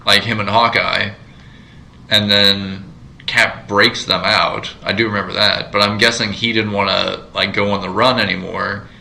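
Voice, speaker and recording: A man with a fairly low but very bright, cutting voice chats casually on a podcast. He rambles through his thoughts, stalling on fillers and restarting his sentences. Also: level tone, moderate pace, vocal fry, poor audio. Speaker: podcast co-host. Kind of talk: casual chat.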